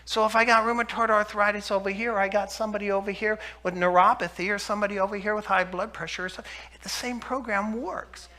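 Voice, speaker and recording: A man giving a health lecture to an audience, telling stories and acting out the dialogue with animated energy. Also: high voice, fast talker. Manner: animated storyteller, acts out dialogue, laughs. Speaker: health speaker.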